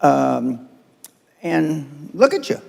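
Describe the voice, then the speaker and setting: A man's voice: on the high side, big pitch swings, extremely slow, vocal fry, mellow, in a large hall. An older man giving a blunt, profane and confrontational seminar speech to a live audience. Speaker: motivational speaker. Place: seminar room.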